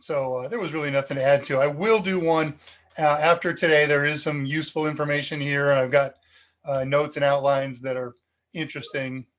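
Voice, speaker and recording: American man, somewhat high voice, rambling live-stream tech chat, cheap usb mic. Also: fairly even intonation, brisk, fairly bright tone. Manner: rambling and chatty, with frequent ums and asides. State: slightly dizzy and foggy. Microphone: cheap USB desk microphone.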